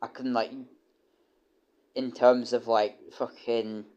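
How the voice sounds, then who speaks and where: A man's voice: medium pitch, flat delivery, slow pace, a little mellow. A young British man streaming, chatting casually and rambling with many restarts and casual swearing. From United Kingdom. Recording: dull lo-fi stream audio.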